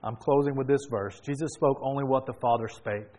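A man preaching a sermon and retelling a story, swinging between hushed and emphatic delivery. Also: mid-range voice, a little fast, low-quality recording.

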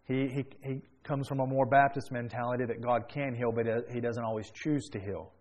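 A man preaching a sermon, telling a story quietly and then rising into loud, fervent praise. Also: mid-range voice, fairly even intonation, moderate pace.

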